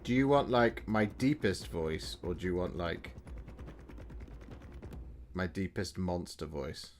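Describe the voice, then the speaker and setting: A man's voice: low-pitched, animated, takes it slowly, slight background noise. A man hosting a hobby live stream, chatting casually and playfully with viewers, laughing often and trailing off while he works. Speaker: livestream host painting miniatures.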